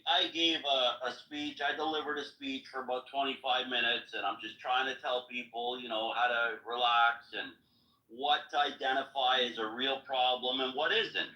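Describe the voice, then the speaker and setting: Man, mid-pitched and piercingly bright, matter-of-fact explainer, dull and roomy recording. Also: distant mic. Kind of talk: casual storytelling. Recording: echoey room, dull sound.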